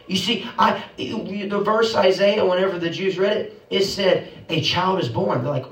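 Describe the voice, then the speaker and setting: A man's voice: sits high, moderate pace, few pauses, a bit bright, recorded from a distance. Echoey preacher man, emphatic sermon. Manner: rhetorical questions, emphatic preaching cadence.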